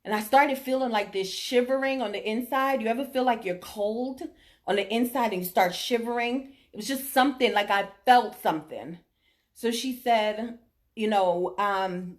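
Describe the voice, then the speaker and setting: With a fairly high voice at a moderate pace, a middle-aged woman tells her audience about her diagnosis in a vlog. She stresses her points and keeps checking in with her listeners.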